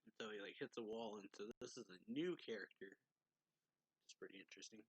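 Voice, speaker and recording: A man's voice: fairly low pitch, brisk, husky, no echo, low-quality recording. A man reviewing a manga chapter in a casual, rambling recap full of fillers. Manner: rambling, filler-heavy, laughs often. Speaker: anime reviewer.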